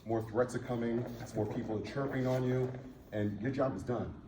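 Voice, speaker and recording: A man's voice: mid-range voice, fairly even intonation, normal speed. A man who coaches jiu-jitsu, explaining police practice in a practical, matter-of-fact way. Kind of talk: instructional chat. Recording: distant mic in an echoey room with clear background noise.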